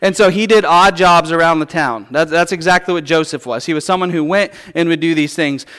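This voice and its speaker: Chatty, slightly high-voiced male preacher. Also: moderate pace. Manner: animated, chatty teaching with playful asides. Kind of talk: conversational sermon.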